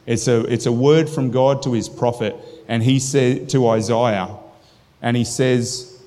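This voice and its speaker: A man's voice: mid-range voice, fairly even intonation, unhurried, mellow. A man preaching a sermon in an earnest, conversational way, restarting phrases and breaking into spoken prayer. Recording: long hall reverb.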